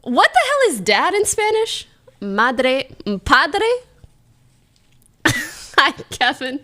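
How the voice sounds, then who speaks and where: A woman's voice: sits high, very animated, slow pace, long pauses, sharp tone. A young woman livestreamer in casual, playful chat, giggling as she sounds out foreign phrases.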